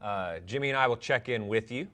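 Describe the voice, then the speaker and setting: A man's voice: medium pitch, brisk, a bit bright. A man co-hosting a live-streamed recovery talk show, friendly and loose, often repeating words as he talks. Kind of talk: casual live-stream chat.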